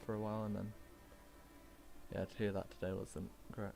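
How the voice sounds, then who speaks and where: A man with a Northern English accent chatting calmly over a racing game and reading out setup numbers like a race engineer. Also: fairly low pitch, moderate pace, gravelly. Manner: calm, reads out numbers and setup advice. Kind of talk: casual chat while gaming.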